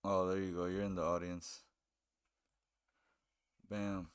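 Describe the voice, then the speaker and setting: A man's voice: sits low, little pitch movement, takes it slowly, clear, resonant tone. A man hosting a live stream, chatting casually and commenting on a game, with a laid-back manner and a habit of repeating phrases.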